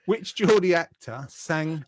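A man's voice: fairly high pitch, expressive, slow pace, dry recording, studio quality. A man hosting a live online quiz show in casual chat, reading out viewer comments with a jokey manner and lots of fillers. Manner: chatty and jokey, with frequent fillers.

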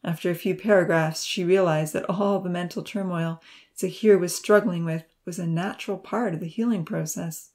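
A woman narrating a Christian children's storybook aloud in a steady, expressive reading. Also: fairly low pitch, normal speed. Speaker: audiobook reader.

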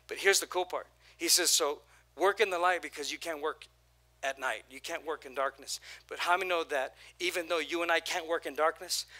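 A man preaching a sermon as pastor, energetic, with repeated phrases and call-and-response, his voice prone to going hoarse. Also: on the high side.

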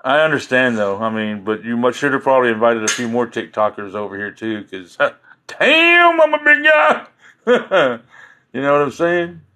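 A man's voice: mid-range voice, big pitch swings, normal speed, sharp tone. A man chatting casually on a live stream, rambling and joking, with frequent laughter. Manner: rambling and jokey, laughing often.

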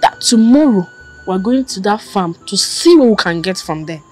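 An actress with a Nigerian accent playing an insistent, earnest young daughter. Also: female voice, medium pitch, lively intonation, normal speed, warm tone, soft background music, lightly acted, rough recording. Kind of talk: Nollywood drama acting.

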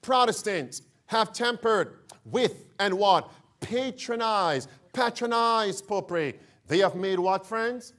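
A male preacher delivers a sermon with a high voice and a slow, deliberate pace. He keeps asking his listeners questions and answering them himself, and he calls them friends as he presses each point. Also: expressive, fairly bright tone. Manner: emphatic call-and-response questions.

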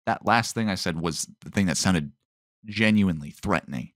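Male podcast host, low voice, dry close sound, rambling, sarcastic-sounding delivery. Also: expressive, normal speed, fairly bright tone, dry recording. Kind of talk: rambling solo podcast talk.

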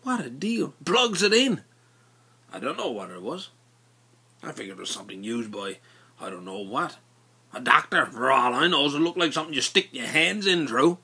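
Animated storyteller man. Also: mid-range voice, a little fast, husky. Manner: animated, folksy dialect narration. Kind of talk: casual spoken storytelling.

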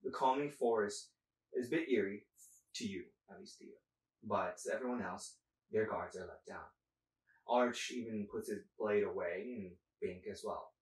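A man narrating as game master, halting with many fillers. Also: on the low side. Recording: echoey room, distant mic.

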